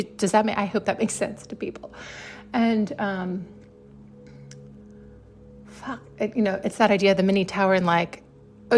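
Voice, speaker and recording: A woman's voice: mid-range voice, slight background noise. A woman hosting a podcast, talking casually and emphatically about self-growth, swearing freely and often asking rhetorical questions. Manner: blunt and heavy on profanity, with frequent laughs. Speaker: podcast host. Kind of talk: casual spiritual monologue.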